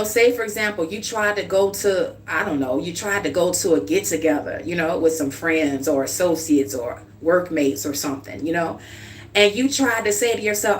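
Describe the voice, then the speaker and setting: A woman reads tarot on a livestream in a loose, chatty way, checking in with "okay?" and calling her listener "dear one." Her voice sits at a middle pitch. The mic is a little way off, and a faint hum runs underneath. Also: distant mic. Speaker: tarot card reader.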